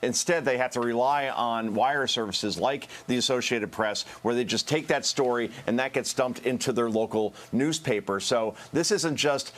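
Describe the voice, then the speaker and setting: A man speaking as a panelist on a cable news show, earnest and emphatic, with some halting restarts. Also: medium pitch, a bit bright.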